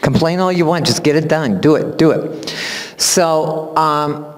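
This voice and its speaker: A man, a music teacher, giving a spoken introduction at a recital in animated storytelling fashion, acting out what people said and laughing often. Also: on the high side, unhurried. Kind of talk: spoken tribute speech at a recital. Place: recital hall. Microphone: far camera. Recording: long hall reverb from a camera.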